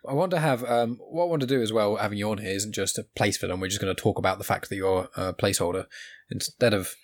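A man's voice: on the low side, fast. A young man hosting a podcast in a casual, rambling chat full of restarts. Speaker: podcast host.

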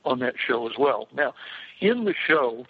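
A man's voice: medium pitch, sing-song, a little slow, vocal fry, a little hiss or hum. An older man, a film director, telling rambling behind-the-scenes stories with lots of fillers and restarts. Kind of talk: casual anecdotal storytelling. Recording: tinny phone-like line.

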